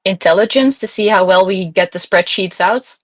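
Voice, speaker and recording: Female tabletop player, mid-pitched, chatty and hesitant, dry close recording. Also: normal speed, dry recording. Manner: hesitant, chatty, laughs easily. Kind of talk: casual tabletop play.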